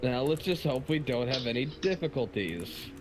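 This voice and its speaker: A man's voice: mid-range voice, expressive, normal speed, low-quality recording. A man chatting on a live game stream, cracking jokes and poking fun at himself. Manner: jokey, self-mocking banter. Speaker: player. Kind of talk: casual chat on a live stream. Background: background game music.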